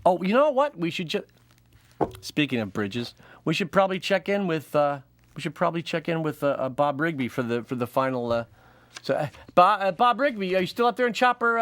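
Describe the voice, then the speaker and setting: A man's voice: fairly high pitch, fairly bright tone. A man hosting a comedy show, delivering a jokey stand-up monologue and laughing often.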